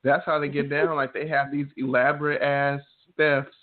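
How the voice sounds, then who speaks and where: A man co-hosting a casual podcast, bantering in a loose, profane, animated way. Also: fairly high pitch, moderate pace. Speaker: podcast co-host. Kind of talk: casual chat. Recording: tinny phone-like line.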